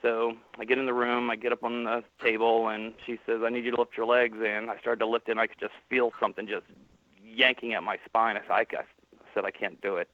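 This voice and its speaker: A man's voice: medium pitch, flat delivery, fairly quick, dry recording. A man calling in and plainly telling a personal story, quoting the people he met along the way. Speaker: caller. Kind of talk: personal story on a call-in stream. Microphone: phone. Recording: tinny phone line.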